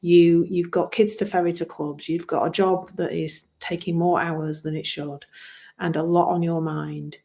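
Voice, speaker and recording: A woman's voice: lowish voice, level tone, measured pace, vocal fry, mellow. A woman coach talking reflectively about her past work, earnest and self-deprecating, often repeating words as she searches for the phrasing. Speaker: wellbeing coach. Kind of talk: reflective solo talk.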